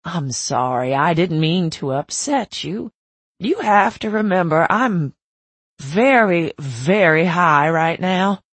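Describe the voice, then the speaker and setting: A woman voicing a wry, dying grandmother from the American South with a low, drawling Southern accent. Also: lively intonation, takes it slowly, slightly rough, dry recording, full character voice. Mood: gentle apology. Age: older.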